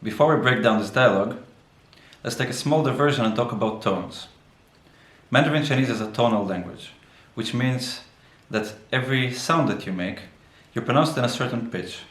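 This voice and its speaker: A man's voice: mid-range voice, moderate pace, a bit bright, heavy reverb, recorded from a distance, poor audio. A man teaching a beginner language lesson, explaining patiently step by step.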